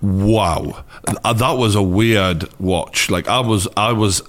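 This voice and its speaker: A man's voice: lowish voice, slow pace, fairly bright tone. A man with a Geordie accent hosting an interview, blunt and casually swearing. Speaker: interviewer host.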